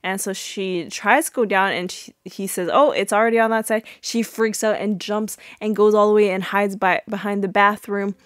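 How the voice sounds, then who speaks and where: A woman's voice: level tone, normal speed, hardly any pauses, dry recording, clean studio sound. Chatty woman recapping a sitcom episode. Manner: chatty, many fillers, acts out quotes in a high squeal. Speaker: podcast host.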